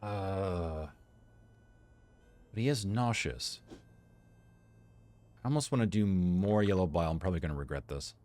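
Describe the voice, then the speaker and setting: Low-voiced man thinking aloud through a game. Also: animated, a little slow, pauses often, a little mellow. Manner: thinks aloud, reads on-screen text, jokes with the game. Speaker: gameplay commentator. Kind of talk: let's play commentary.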